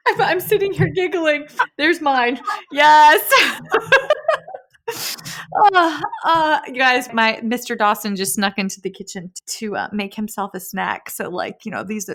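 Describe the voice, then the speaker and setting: A woman's voice: mid-range voice, fairly bright tone. A woman in her thirties hosting a podcast from her kitchen table, chatting casually and giggling often. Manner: giggly and effusive. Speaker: podcast host. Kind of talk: casual interview chat.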